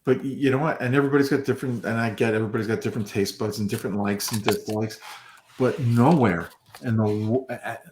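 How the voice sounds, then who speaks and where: A man's voice: medium pitch, fast talker, darkish tone, echoey room, a little hiss or hum. A man co-hosting a casual fan podcast, talking about the theme park with gushing enthusiasm. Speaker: podcast co-host. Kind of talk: casual chat.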